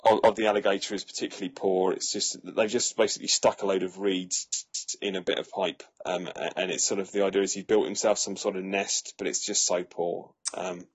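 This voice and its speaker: Male film reviewer, lowish husky voice, halting casual delivery. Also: flat delivery, highs cut off. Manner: hesitant, many fillers and restarts. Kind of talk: casual chat.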